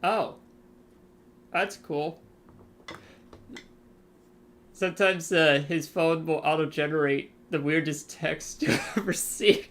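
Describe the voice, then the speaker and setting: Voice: mid-range voice, measured pace, fairly bright tone. A game streamer chatting casually on a live stream, answering chat, rambling with fillers and chuckling often.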